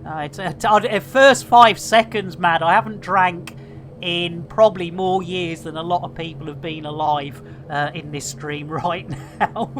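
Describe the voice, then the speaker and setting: A woman's voice: on the low side, steady tone, measured pace, slight background noise. A woman in her fifties streaming a game live, chatting with viewers in an exclamatory way and swearing freely. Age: 50s.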